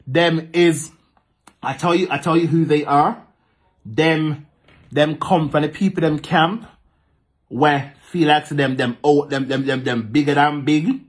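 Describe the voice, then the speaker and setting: A man with a Jamaican accent ranting to camera in patois, animated and repetitive, talking back to commenters. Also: on the high side, unhurried. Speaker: social media vlogger. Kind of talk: casual ranting monologue to camera.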